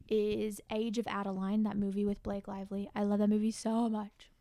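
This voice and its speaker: A woman co-hosting a casual podcast chat with her boyfriend, arguing her points quickly and firmly. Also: mid-range voice, level tone, dark tone, no echo. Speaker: podcast co-host.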